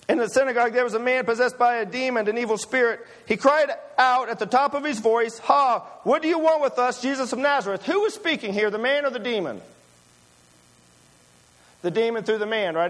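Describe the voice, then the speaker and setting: A man's voice: sits high, a bit bright. A man preaching a sermon, emphatic and full of rhetorical questions to his listeners.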